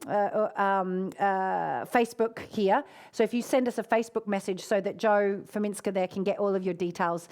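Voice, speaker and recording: A woman hosting a live online session, effusive and encouraging, who calls her viewers darling and often gasps and cheers. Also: mid-range voice. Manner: affectionate, calls people darling. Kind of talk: live-streamed casual talk to viewers.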